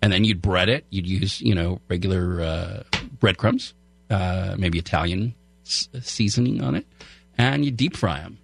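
A man's voice: sits low, normal speed, creaky, background noise. A man talking on the radio as a guest food host, in a rambling way with many fillers and restarts, in a radio studio. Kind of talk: casual radio chat. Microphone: studio microphone.

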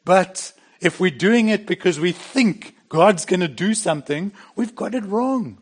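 A man's voice: high-pitched, animated, a little slow, hardly any pauses, breathy edge. A middle-aged man preaching a sermon in a plain, conversational way, with bursts of emphasis. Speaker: pastor.

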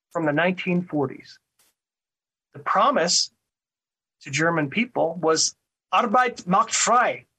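A man's voice: on the high side, fairly bright tone, slightly rough, rough recording. A man hosting a talk show, delivering a casual commentary monologue, often repeating words and asking "right?". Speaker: radio talk show host.

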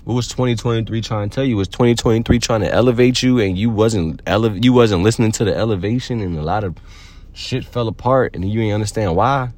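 Low-voiced man giving a loose slangy pep talk. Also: fast, darkish tone. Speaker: podcast host. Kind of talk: casual motivational monologue.

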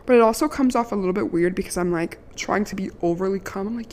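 A woman's voice: medium pitch, fast talker. A woman in her early twenties from Maryland, telling a candid, sassy storytime with casual profanity and a lot of "like". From Maryland, USA. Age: 20s.

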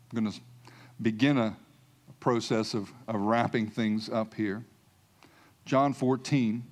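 A man's voice: mid-range voice, a little mellow. A man preaching a sermon, emphatic, repeating key phrases and calling out hallelujah.

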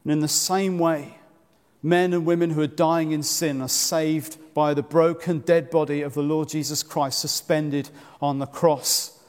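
A man preaching a sermon in earnest, measured tones, asking the congregation direct questions. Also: fairly high pitch, fairly even intonation, darkish tone. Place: church. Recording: long church reverb.

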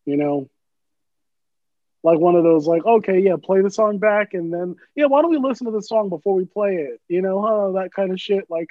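A man's voice: on the high side, no room sound. A man in casual chat, rambling and swearing freely, poking fun at himself. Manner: profane, rambling, self-deprecating. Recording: dry tinny phone-like sound.

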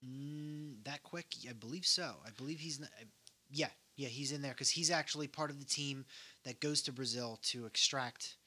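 A man casually discussing a movie, animated and acting out scenes in voices. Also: medium pitch, normal speed. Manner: animated, acts out scenes in voices, laughs easily.

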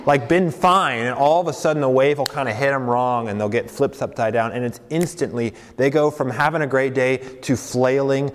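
Man, young adult pastor, casual sermon, mid pitch, fillers and restarts, long hall reverb. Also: steady tone, moderate pace, hardly any pauses, a little hiss or hum. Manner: conversational with fillers and self-corrections. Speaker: campus pastor.

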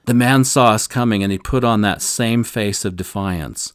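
A man's voice: fairly low pitch, normal speed, clean tone, dry recording, studio quality. An older man teaching scripture, telling a personal story in an earnest, solemn way.

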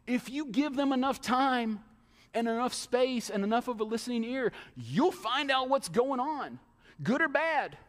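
Animated high-voiced male preacher. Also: normal speed. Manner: animated preaching, mimics excuses in asides. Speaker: pastor. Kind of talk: sermon. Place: church sanctuary. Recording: long hall reverb.

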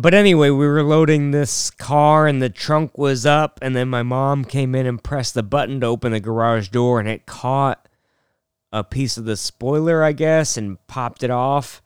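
Young guy rambling thru a funny story, super clear dry voice, laughs a lot. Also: mid-range voice, dry recording. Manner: rambling, self-mocking, laughs often. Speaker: podcast host. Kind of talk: casual storytelling monologue.

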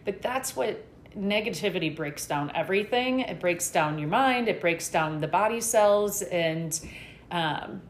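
A woman's voice: lowish voice, expressive, a little slow, roomy sound, a little hiss or hum. A middle-aged woman guest talking candidly in a casual interview, rambling a little with fillers.

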